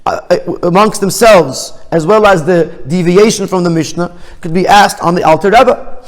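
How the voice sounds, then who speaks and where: A man's voice: high voice, big-room sound. A man teaching as a rabbi. He reads out phrases of a text, then explains them plainly, often restarting his sentences. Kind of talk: text study lesson.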